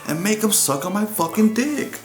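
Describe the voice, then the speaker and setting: A man's voice: high voice, lively intonation, moderate pace, roomy sound, soft background music, pitched above the performer's own voice. A man playing a pompous, crude male art snob with a haughty manner. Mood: crude, mocking. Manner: haughty, then pleading and frantic.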